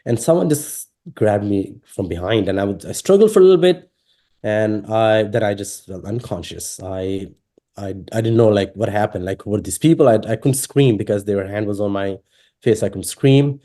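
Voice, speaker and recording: A man from Pakistan, telling his personal story in an interview, halting and full of fillers and restarts. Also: on the low side, dark tone. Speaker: interviewee sharing his testimony.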